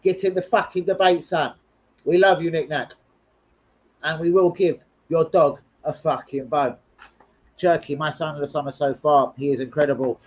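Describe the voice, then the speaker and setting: A man's voice: a little high, fairly even intonation, moderate pace, muffled recording. Sweary man hosting a football stream. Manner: rambling, sweary, banter with viewers. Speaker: live stream host. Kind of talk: casual football live stream chat, reading comments.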